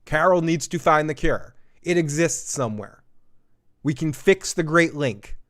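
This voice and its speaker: A man's voice: a little high, animated, unhurried. A man hosting a live TV episode review, chatty and rambling, swearing freely and laughing often. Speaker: host of a TV review show.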